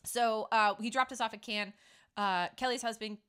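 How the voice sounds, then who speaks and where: A woman's voice: fairly high pitch, steady tone, moderate pace, fairly bright tone, clear, resonant tone. A middle-aged woman hosting a casual chat, talking playfully and acting out quotes as she tells stories. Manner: chatty, playful, acts out quotes. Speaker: podcast host.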